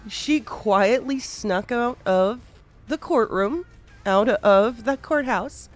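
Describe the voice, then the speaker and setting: A woman's voice: a little high, takes it slowly. A woman hosting a podcast, chatting casually and recounting a roleplay story with frequent laughs and casual swearing. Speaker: podcast host.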